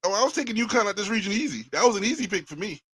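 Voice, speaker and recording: A laid-back man co-hosting a casual sports podcast, his voice sitting a little higher than most men's. He banters easily and chuckles along as he makes his picks. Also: very animated, racing, pushed and bright, slightly rough. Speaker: podcast co-host.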